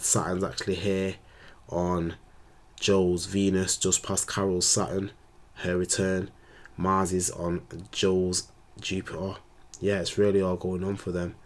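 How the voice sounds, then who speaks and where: A man, an astrologer, rambling in slangy casual talk on his vlog. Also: deep voice. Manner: rambling, slangy, laid-back.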